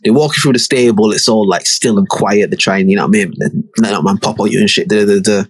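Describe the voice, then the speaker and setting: A man's voice: fairly low pitch, fast, breathy edge, dry recording. A man, co-hosting a podcast and retelling a TV episode in casual chat, acting out characters' lines with slang. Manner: animated, acts out characters' lines with slang and swearing. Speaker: podcast co-host.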